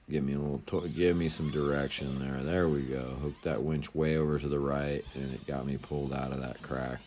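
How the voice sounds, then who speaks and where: A man's voice: very deep voice, a little mellow, a little hiss or hum. A man giving casual voice-over commentary as a channel host, rambling and laid-back with lots of fillers.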